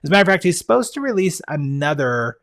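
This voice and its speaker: A man's voice: on the high side, big pitch swings, quick pace, vocal fry, fairly bright tone. A man hosting a podcast, talking through book picks in a casual, enthusiastic way, with frequent fillers and restarts. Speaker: podcast host. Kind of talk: casual monologue recommending books.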